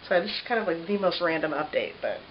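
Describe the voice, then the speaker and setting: A woman's voice: on the low side, big pitch swings, quick pace. A woman in her thirties chatting casually in a vlog, a mother of three giving a tender, meandering baby update full of fillers. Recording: slightly muffled with faint hiss.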